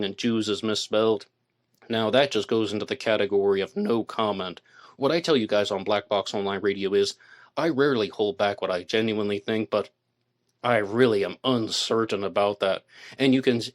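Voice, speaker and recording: Man, low-pitched voice, true-crime podcast host, solo monologue, thinking aloud, asks listeners questions.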